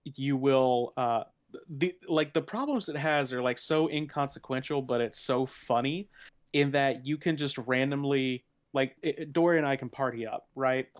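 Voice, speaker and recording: A man's voice: mid-range voice, moderate pace. A man talking casually on a gaming podcast. He restarts his sentences often and laughs between points. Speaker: podcast panelist.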